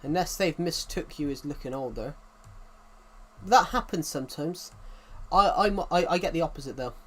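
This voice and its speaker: A man's voice: on the high side, expressive, normal speed, fairly bright tone. A man chatting casually to viewers on a live game stream, rambling and repeating his phrases as he talks. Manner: talks directly to viewers as "guys". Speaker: gaming streamer.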